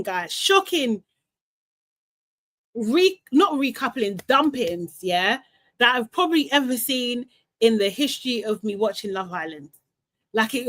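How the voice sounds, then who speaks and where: A young woman with a slightly high voice hosts a casual live stream, ranting with lots of energy, laughing and repeating herself as she gets worked up. She speaks close to a desk mic. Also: a bit bright. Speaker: host of a live reality TV recap show.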